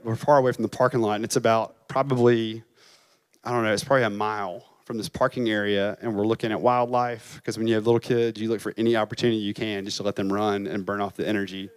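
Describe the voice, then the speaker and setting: A man's voice: fairly low pitch, dry recording. A man, a campus pastor, preaching a chapel sermon and telling a story with emotion, at times crying. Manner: emotional storytelling, voice rising and breaking.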